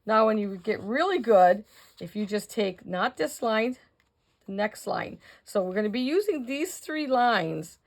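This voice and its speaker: A woman's voice: mid-range voice, expressive, measured pace. An older woman hosting a casual crafting tutorial, chatting to viewers as she works and counting out measurements.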